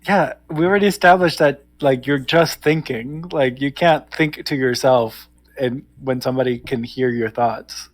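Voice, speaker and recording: A man's voice: mid-range voice, moderate pace. A man streaming a video game, chatting casually, joking and laughing often. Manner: giggly, jokey, reads game text aloud. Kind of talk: casual let's-play chat.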